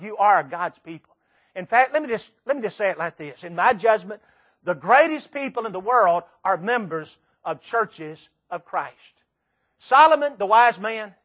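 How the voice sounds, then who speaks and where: Middle-aged man, high-pitched, emphatic sermon storyteller who leans on pauses and repetition. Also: fairly bright tone. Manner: emphatic storytelling with dramatic pauses and repeated phrases. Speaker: preacher.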